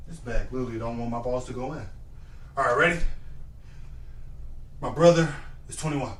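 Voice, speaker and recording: A young man streaming live, who shouts football snap counts and mutters casual asides to himself. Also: mid-range voice, moderate pace. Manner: shouts football cadences between mumbled asides. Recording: echoey room, mic at a distance, faint noise.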